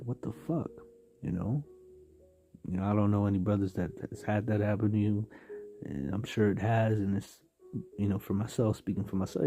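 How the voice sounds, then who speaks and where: Low-voiced man rambling through a devotional. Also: warm tone. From San Diego, California. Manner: rambling, many "you know" fillers, street slang. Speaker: livestream preacher. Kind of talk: casual spoken devotional.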